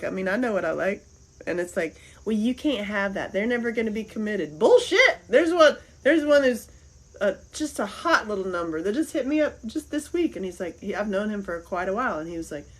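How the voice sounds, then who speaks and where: A woman's voice: mid-range voice, low-quality recording. Chatty lady on a livestream, giggles a lot, rambles on, middle-aged. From American South. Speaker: livestream host. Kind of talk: casual livestream chat reading comments.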